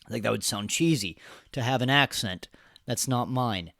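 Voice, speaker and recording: A man's voice: mid-range voice, moderate pace, vocal fry, a bit bright, no echo, clean studio sound. A man in his thirties hosting a podcast, giving rambling, sarcastic political commentary with laughs and restarts. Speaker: podcast host.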